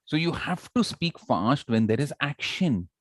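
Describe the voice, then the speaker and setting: Speaking unhurriedly in a mid-range voice, a man runs a live public speaking workshop, playfully questioning his audience and showing demonstrations with lively energy. The recording is dry.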